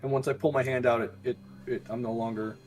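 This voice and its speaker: A man's voice: mid-range voice, fairly even intonation, quick pace, a little mellow, soft background music. A young man playing in a live tabletop game, blunt, brash and joking as he speaks. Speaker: player.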